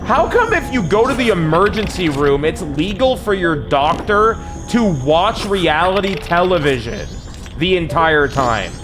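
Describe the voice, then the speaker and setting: A man's voice: high-pitched, big pitch swings, measured pace, music in the background. A young man chatting casually on a live game stream, rambling and swearing, calling his viewers bro. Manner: rambling, profane, says bro a lot.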